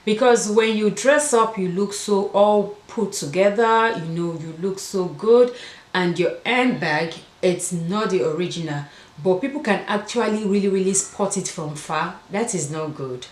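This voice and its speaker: A woman's voice: mid-range voice, measured pace, echoey room. A woman with an African accent talking casually to camera as a fashion vlogger, repeating words for emphasis. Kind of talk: casual vlog talk to camera.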